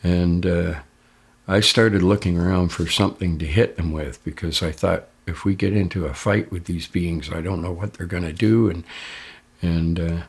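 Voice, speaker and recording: An older man, interviewed about something he lived through, tells it casually in the first person. His low, husky voice holds a steady tone at normal speed with some vocal fry, but it jumps up sharply whenever he quotes other people.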